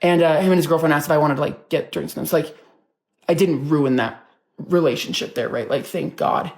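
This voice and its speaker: A woman's voice: sits low, fairly quick, vocal fry, a little mellow. A woman casually telling a personal story in a chatty way, full of fillers and swearing. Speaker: storytime vlogger. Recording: roomy echo.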